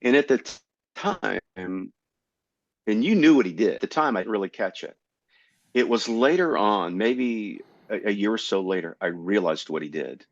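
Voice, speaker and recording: Man, middle-aged, deep, animated, dry muffled sound. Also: a little slow, dry recording. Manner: animated, jumps into high voices to act out quotes. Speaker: comedian guest. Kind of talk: storytelling in a casual interview.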